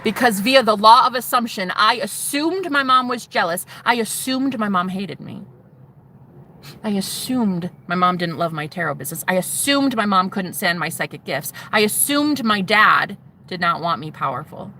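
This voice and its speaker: A woman speaks from inside a car, telling her own story in a candid vlog. Her voice is bright and sharp, and her telling is blunt and profane, driving points home by repeating them. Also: mid-range voice, animated, moderate pace, slight background noise. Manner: blunt and profane, emphatic repetitions. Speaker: vlogger.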